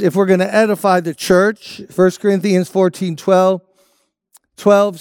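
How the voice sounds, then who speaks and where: A man's voice: high-pitched, a little mellow, smooth, dry recording, clean studio sound. A man preaching a sermon as a pastor, emphatic and repeating his key phrases.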